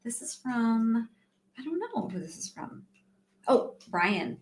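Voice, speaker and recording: A woman's voice: fairly high pitch, sing-song, takes it slowly, reverberant. A woman co-hosting a show, chatty and teasing, often giggling in casual conversation. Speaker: co-host. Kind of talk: casual chat.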